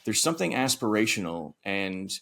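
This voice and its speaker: A man's voice: lowish voice, big pitch swings, moderate pace, vocal fry, a bit bright. A man co-hosting a film podcast, speaking thoughtfully and reflectively in casual discussion. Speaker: podcast co-host.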